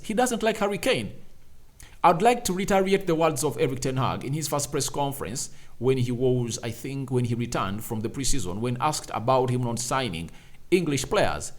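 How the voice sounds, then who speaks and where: A man with a medium-pitched voice hosts a fan channel, delivering opinionated football commentary full of emphatic rhetorical questions and repeated phrases.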